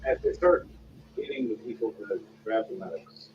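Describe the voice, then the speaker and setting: A man narrating as game master of a tabletop game in a relaxed, unhurried way, recorded distant in a roomy space with noise. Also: lowish voice. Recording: roomy, distant, dull, noisy.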